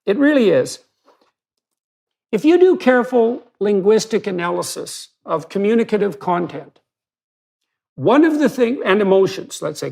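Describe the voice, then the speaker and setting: A man with a high voice for a man, roughened by a steady gravelly fry. He talks in an analytical, lecturing way, blunt and emphatic, and builds his case step by step through examples. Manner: emphatic and blunt, with vivid hypotheticals. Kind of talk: analytical lecture-style conversation.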